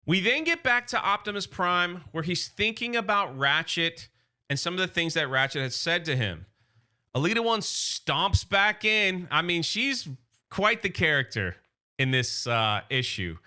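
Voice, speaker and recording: A man casually recapping a comic series as a video host, chatty and quick to paraphrase the characters. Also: high voice, big pitch swings, pushed and bright. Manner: chatty, narrates plot with "he's like" quotes. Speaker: comic book reviewer.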